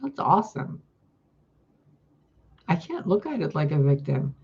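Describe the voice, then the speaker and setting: A woman's voice: low voice, big pitch swings, measured pace, gravelly, a little mellow, husky, muffled recording. A woman vlogging in a casual, profane, exasperated rant into a phone mic.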